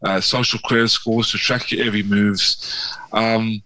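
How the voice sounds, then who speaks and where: A man's voice: fairly low pitch, little pitch movement, measured pace, pushed and bright, a little hiss or hum, poor audio. A man talking as a podcast guest in casual chat, rambling and fervent, with many restarts and sarcastic asides.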